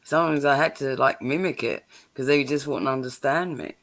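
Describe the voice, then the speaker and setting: A woman's voice: a bass voice, normal speed. A woman with a London accent, chatting casually and animatedly on a livestream, swearing and laughing often. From London, England. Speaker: livestream host. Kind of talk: casual chat. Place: home, livestream.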